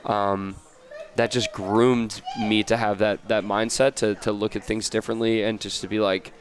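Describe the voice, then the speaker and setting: Male guest, from the US, lowish voice, loose and meandering delivery. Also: flat delivery, moderate pace. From United States. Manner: rambling, many fillers and restarts. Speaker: podcast guest, entrepreneur. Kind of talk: casual interview chat.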